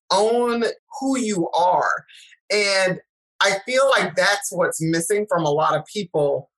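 A woman's voice: on the low side, rough recording. A middle-aged woman, a guest speaker, chatting and telling stories, acting out the voices she quotes. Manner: animated storyteller, acts out quoted voices. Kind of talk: casual chat.

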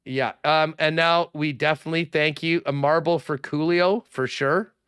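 Chatty Canadian sports radio host. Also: male voice, fairly high pitch, fairly even intonation, normal speed, a bit bright, clean tone, no room sound, clean studio sound. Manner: chatty, rambling, promo reads. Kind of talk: casual sports talk.

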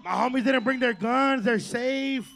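Brief: LA podcast co-host, live stage, rowdy and loud, gravelly high voice. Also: male voice, a little slow, heavy background noise. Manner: loud, hyped, shouting to the crowd. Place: large concert venue before a live audience. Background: crowd.

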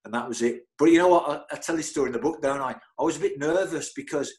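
A middle-aged man, a football physio, telling anecdotes in an interview with lively energy, often stammering and repeating words. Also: a little high, quick pace, poor audio. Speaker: football club physio, guest.

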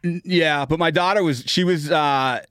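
A man's voice: on the high side, moderate pace, clear, resonant tone, no room sound, studio quality. A middle-aged man co-hosting a casual comedy podcast, telling stories with lots of acted-out quotes and swearing. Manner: animated storyteller acting out quotes, swearing. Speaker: co-host.

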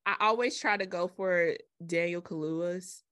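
Woman cohost, chill and dry, kinda low voice. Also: measured pace, a bit bright, smooth. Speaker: podcast co-host. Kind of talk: casual chat.

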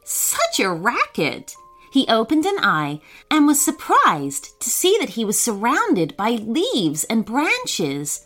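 A woman reads a children's story slowly, taking her time over each line. Her voice is bright and clear, sits a little high and swings widely in pitch as she narrates. Soft music plays quietly behind her. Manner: gentle, expressive voicing of children.

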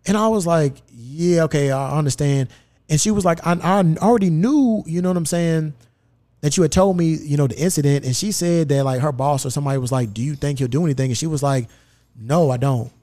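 Animated, profane man telling a story. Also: fairly high pitch, brisk. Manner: profane, animated, acts out quoted dialogue. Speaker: podcast host. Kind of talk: casual storytelling chat. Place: podcast studio.

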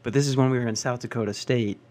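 A young man telling stand-up stories in an ordinary mid-range voice. He swears freely, sounds exasperated, and jumps into the voices of the people he describes before dropping back to his own flat delivery. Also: mid-range voice, fast. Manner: profane, exasperated, acts out characters. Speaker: stand-up comedian. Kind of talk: stand-up storytelling.

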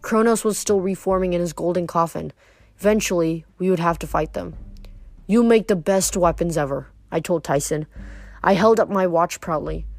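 A woman's voice: lowish voice, fairly even intonation, normal speed, creaky, no room sound. A woman reading a novel aloud expressively, with occasional slips and restarts. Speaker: reader.

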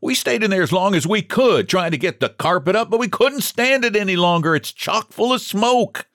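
A man voicing a blunt, impatient countryman who shouts his warnings. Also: sits high, lively intonation, normal speed, dry recording, studio quality, voice pushed up.

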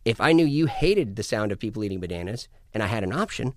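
A man chatting casually as a podcast guest, animated and jokey, cursing freely and getting loud when he plays up a bit. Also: fairly low pitch, fast, dry recording, studio quality. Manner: animated, profane, jokey, swings loud for bits. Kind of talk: casual chat.

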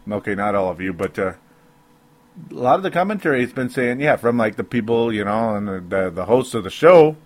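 A man's voice: on the low side, lively intonation, fairly quick, dry recording. A man giving a solo sports opinion podcast, rambling and interrupting himself with frequent rueful laughs. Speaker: sports commentator.

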